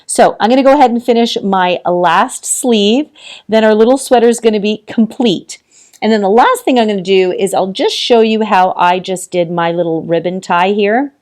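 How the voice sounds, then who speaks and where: A woman's voice: medium pitch, normal speed, darkish tone. A woman hosting a casual crochet tutorial, talking through each step, counting stitches aloud and encouraging viewers with frequent laughs.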